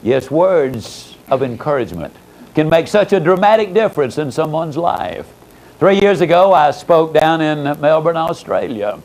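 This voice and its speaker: An older man with a Southern American accent giving a motivational speech, telling stories with dramatic swings of pitch and loudness and long pauses. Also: lively intonation, rough recording. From Southern United States. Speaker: motivational speaker. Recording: old audio tape recording.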